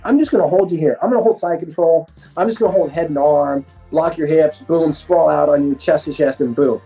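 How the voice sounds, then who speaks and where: A man's voice: a little high, brisk, creaky, soft background music. A middle-aged man, a former fighter turned police instructor, telling stories in casual, profane interview chat. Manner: profane, animated storytelling with acted-out quotes.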